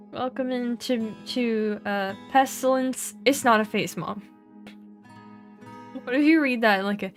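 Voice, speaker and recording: A woman's voice: fairly high pitch, unhurried, soft background music. A young woman streaming a game, chatting casually, giggling often and reading game text aloud.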